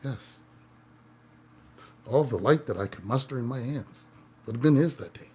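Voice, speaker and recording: A man with a slightly husky voice talks to his viewers as a tarot reader and life coach, his pitch bouncing all over the place. He tells his stories playfully, swinging between loud bursts and hushed asides. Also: animated, moderate pace. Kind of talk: casual storytelling to viewers.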